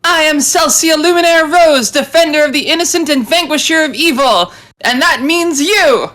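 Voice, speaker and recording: A woman's voice: high-pitched, moderate pace, fairly bright tone, voice pushed up. Grandiose holy warrior woman, as a woman puts her on. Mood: proclaiming. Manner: declamatory, proclaiming.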